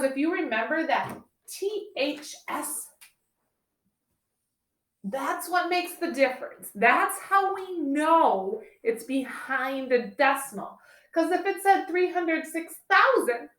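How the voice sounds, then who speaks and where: A woman's voice: sits high, bright, forceful tone, reverberant. A woman teacher giving a recorded math lesson to children, upbeat and playful, talking straight to her pupils. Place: classroom or home room, filming a board.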